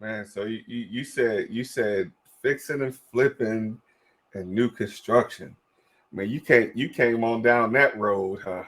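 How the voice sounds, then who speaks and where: A man in his forties hosting a casual interview show, excitable, laughing often and repeating his words. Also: fairly low pitch, unhurried. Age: 40s. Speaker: podcast host.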